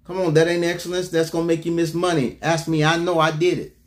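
A man preaching to his congregation in a fairly high voice. He talks like he is chatting with the room, calling out to the people and swinging between loud punches and quiet asides. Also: level tone, fast. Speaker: apostle preaching. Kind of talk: sermon.

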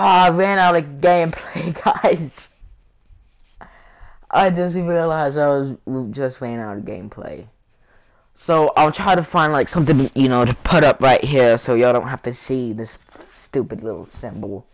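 A man's voice: medium pitch, moderate pace. A male gaming vlogger telling a rambling story in casual chat, full of fillers and the word "freaking". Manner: chatty, repeats "freaking" and fillers.

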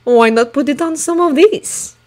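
A woman voicing a brisk, helpful young male servant who speaks loudly and with urgency. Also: high voice, voice pushed up, natural voice. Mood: playful. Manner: urgent, commanding in a crisis.

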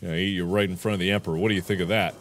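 A man's voice: sits low, steady tone, racing, a crowd in the background. A man in his twenties hosting a let's play, talking jokily to the game's creatures, swearing and yelping when startled. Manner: jokey, swears a lot, yelps in surprise, chats to game creatures. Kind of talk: excitable gameplay commentary.

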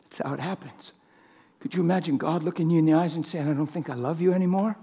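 Male preacher, high and husky, fiery delivery that drops to near-whispers. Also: quick pace. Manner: impassioned, swings from loud to hushed. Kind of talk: sermon. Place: church sanctuary.

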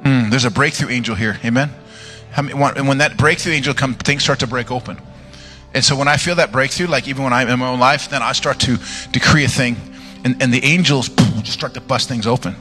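A man's voice: mid-range voice, a little fast, soft background music. A man preaching a charismatic sermon, telling jokey stories and praying fervently. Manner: animated, joking storyteller, loud fervent praying. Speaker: guest preacher.

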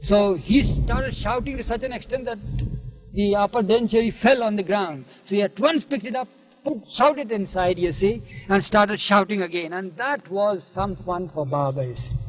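A man's voice: high voice, moderate pace, low-quality recording. A man telling anecdotes in an interview, talking at an easy pace and often adding "you see". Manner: leisurely, with frequent filler "you see". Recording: archival 1971 interview recording.

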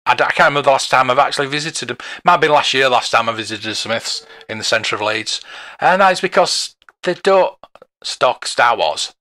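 Chatty bright-voiced man. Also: medium pitch, animated, fairly quick. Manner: chatty, rambling, chuckles often. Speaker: toy collector vlogger. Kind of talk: casual review monologue.

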